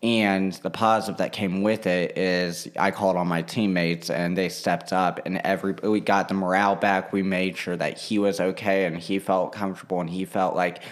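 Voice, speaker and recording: Animated, slightly low-voiced man telling a story. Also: normal speed, few pauses. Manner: animated, swears freely, slips into quoting people. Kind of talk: casual storytelling chat.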